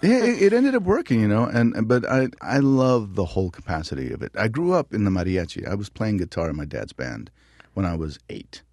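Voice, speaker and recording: Middle-aged male actor, low voice, lively anecdotes, dry studio sound. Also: brisk, dry recording. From New Mexico. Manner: animated storyteller, acts out voices. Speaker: actor guest. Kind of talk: interview conversation.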